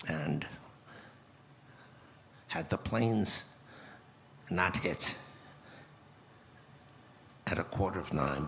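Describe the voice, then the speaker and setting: A man in his eighties telling a personal story slowly and reflectively as a guest in a conference interview, often restarting his phrases. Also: rumbling low, vocal fry, fairly bright tone, a little hiss or hum. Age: 80s. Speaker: guest speaker.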